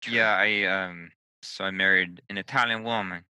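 A man in a casual discussion who talks with animated restarts and brief asides. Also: sits low, normal speed, clean tone, dry recording, poor audio. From United States. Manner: animated storyteller, frequent restarts.

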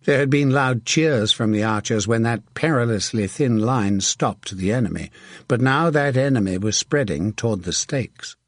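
A man narrating a historical novel in a steady, measured audiobook reading. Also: mid-range voice, dry recording. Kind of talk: scripted narration.

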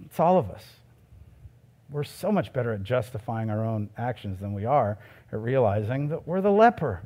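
A middle-aged male pastor preaching a sermon in a conversational way, with loud emphatic peaks and soft asides. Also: mid-range voice, sing-song, moderate pace.

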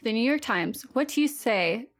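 A woman's voice: fairly high pitch, expressive, normal speed. Giggly chatty woman podcast host. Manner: giggly, chatty, many "like" fillers. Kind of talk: casual chat.

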